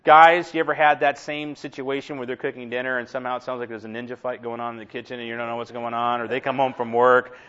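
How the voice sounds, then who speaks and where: A middle-aged man preacher giving a conversational sermon, humorous and animated, with many asides. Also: medium pitch, quick pace, hardly any pauses, lo-fi sound.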